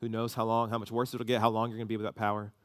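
A man, preaching a sermon and telling a story with lively emotion. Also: lowish voice, racing, dry recording, studio quality. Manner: animated storytelling, voices rising with emotion.

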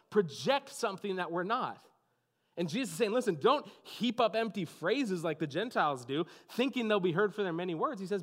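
A pastor delivering a sermon in a conversational way, often adding "like" and "you know what I mean". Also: male voice, fairly high pitch, fairly bright tone.

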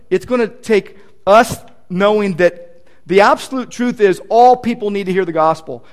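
Man, pastor, sermon, high-pitched, emphatic delivery, earnest. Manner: earnest, emphatic preaching with repeated stresses.

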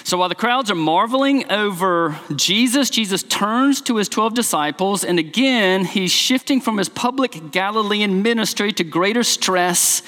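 A man preaching a sermon as pastor, earnest and emphatic, speeding up and slowing down to stress his points. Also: bright, forceful tone, long reverb tail. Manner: earnest, emphatic, varies pace and pitch widely.

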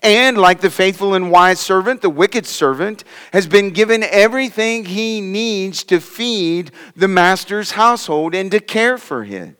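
A man preaching verse by verse through a passage, his smooth, resonant voice pitched a little high. He swings between loud emphasis and hushed drops, and the sound rings with a long reverb from a large hall. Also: animated, a little slow, few pauses. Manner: expository preaching, reading and explaining scripture verse by verse; dramatic swings in pitch and loudness, voices scoffers mockingly. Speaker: pastor. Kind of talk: sermon.

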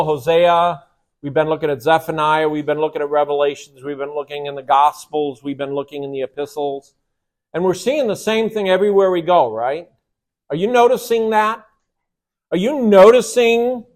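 A man teaching a Bible study lesson in an emphatic, conversational way, often checking in with rhetorical questions and taking questions from the class. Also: on the high side.

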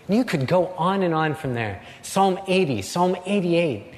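A man preaching a sermon as a pastor, slow and earnest, with dramatic pauses. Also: a little high, sing-song, a little mellow, long reverb tail.

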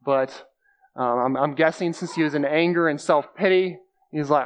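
A man's voice: on the high side, normal speed, clear, resonant tone, lo-fi sound. A man giving a conversational sermon, explaining scripture plainly and repeating key phrases for emphasis. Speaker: preacher.

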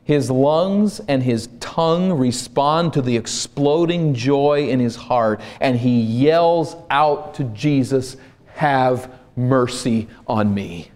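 A man from Minnesota preaching a sermon as pastor, slow and deliberate, building to loud emphasis. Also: medium pitch.

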